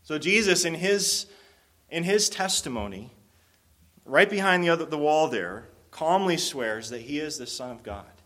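A man's voice: a little high, animated, measured pace, bright, forceful tone. A man preaching a sermon, explaining a Bible passage in an earnest, conversational way with frequent restarts. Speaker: pastor.

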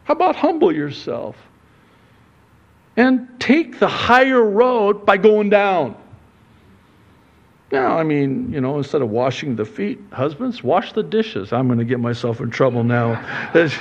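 A man preaching a sermon as pastor, conversational and playful, with lively asides and acted-out quotes. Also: a little high, measured pace, highs cut off. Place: church sanctuary.

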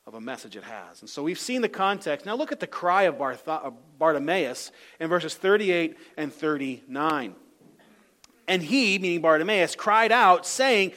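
High-voiced preacher, loud then hushed. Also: male voice. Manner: swings from loud emphatic calls to soft low asides. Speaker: pastor. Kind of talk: sermon.

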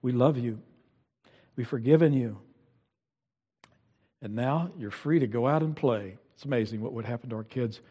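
A man's voice: a little high, a little mellow. A middle-aged male pastor preaching an earnest sermon and often restarting his sentences. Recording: long hall reverb.

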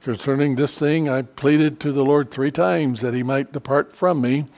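A man's voice: medium pitch, fairly even intonation, moderate pace, darkish tone. A middle-aged man teaching a church Bible study in an earnest, conversational way, with frequent restarts and fillers.

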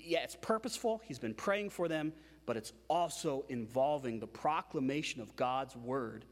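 A man preaching a sermon as pastor, emphatic and animated, with frequent repetitions. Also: fairly high pitch, long reverb tail.

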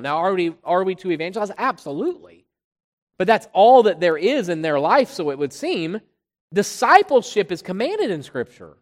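A preacher giving an expository sermon, pressing hard on key words and then dropping low and quiet, often repeating phrases while building a point. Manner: emphatic, swinging between loud stresses and quiet drops. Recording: long hall reverb.

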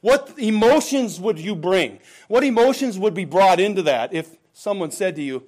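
A man preaching a sermon to his congregation, pressing his points with repeated calls to the brethren, rising loud and falling low and quiet at the ends of phrases. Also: expressive, normal speed, few pauses. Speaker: pastor.

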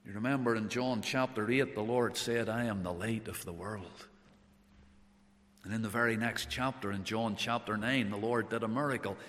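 A man preaching a sermon, moving between loud emphatic declarations and hushed tender passages, often repeating phrases for emphasis. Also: mid-range voice. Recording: long hall reverb.

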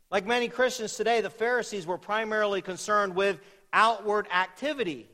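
A man with a notably high voice delivers an expository sermon, pressing hard on his key points. The sound carries a long reverb, as in a large church sanctuary. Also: a little fast. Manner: emphatic, rising to loud peaks on key points. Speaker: pastor.

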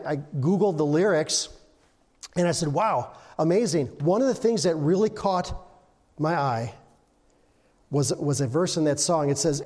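An older man preaches in a loose, conversational way, tossing questions to the room and humming bits of songs. His voice sits high for a man. The sound carries a long echo from a large hall. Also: darkish tone. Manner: conversational, asks the congregation questions, hums and sings snippets. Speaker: pastor. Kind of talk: informal sermon.

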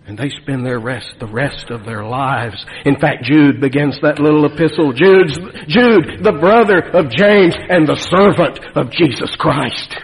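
A man preaching a sermon in a folksy, animated way, with asides to his congregation. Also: on the high side, a little slow, hardly any pauses. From Nevada. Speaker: pastor. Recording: long reverb of a church hall.

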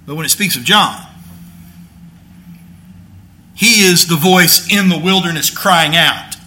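A man's voice: a little high, slow pace, bright, forceful tone. A male pastor preaching a sermon in a conversational teaching manner, building to emphatic declarations.

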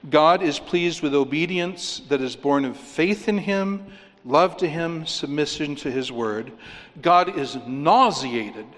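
A man preaching a sermon, rising for key points and dropping low and quiet for stress. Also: takes it slowly, big-room sound. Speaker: pastor.

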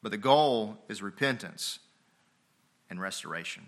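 A man's voice: mid-range voice, expressive, moderate pace, long pauses, bright, forceful tone. A man preaching a sermon as pastor, folksy and emphatic, firing rhetorical questions at the congregation.

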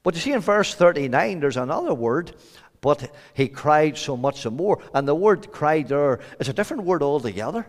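Northern Irish male preacher, high voice, soft-to-shouting delivery, church hall echo. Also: very animated, moderate pace. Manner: swings between quiet low lines and loud shouted emphasis. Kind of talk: evangelistic sermon. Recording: hall reverb.

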